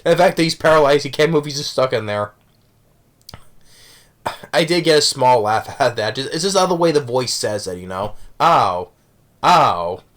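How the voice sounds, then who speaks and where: A man's voice: mid-range voice, expressive, brisk, pauses often. A man casually reviewing a movie, rambling with many restarts and self-corrections, chuckling as he recounts the jokes.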